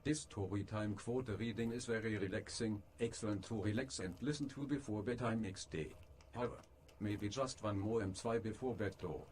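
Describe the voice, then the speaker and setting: Man doing a drowsy male viewer, low voice, soft, a bit distant. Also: moderate pace, lightly acted. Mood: sleepy.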